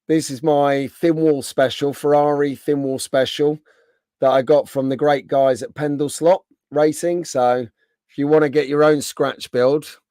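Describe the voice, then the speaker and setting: A chatty man hosting a live stream with a rough throat, clearing it often as he answers viewers by name. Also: medium pitch, a little mellow, no room sound, studio quality. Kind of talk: casual live stream chat.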